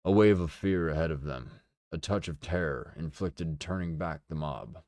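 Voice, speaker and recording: Man, very deep voice, book reading on stream, deliberate, dry close mic. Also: dry recording. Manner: steady, deliberate narration with occasional swearing asides. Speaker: streamer reading a novel aloud. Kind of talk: dramatic book reading with casual asides.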